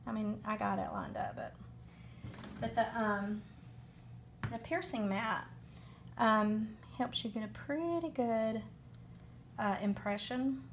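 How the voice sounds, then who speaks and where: Southern woman demoing crafts, unhurried and chatty, thinking aloud with pauses. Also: fairly high pitch, slight background noise. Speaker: card-making demonstrator. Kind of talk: unscripted crafting demo.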